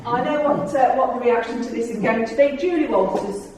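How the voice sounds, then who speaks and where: Middle-aged woman, lively storyteller, fairly high voice, recorded at a distance in a big echoey room. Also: fairly quick, background noise. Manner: chatty storyteller, acts out the dialogue in her tales. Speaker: after-dinner speaker. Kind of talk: anecdotal talk to a club audience. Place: function room. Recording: very echoey room, speaker far from the mic.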